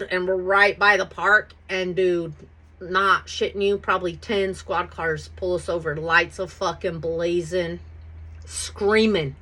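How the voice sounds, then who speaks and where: A woman with a lowish voice hosts her own podcast, telling a personal story in a casual, animated and profane way while often checking in with "right?".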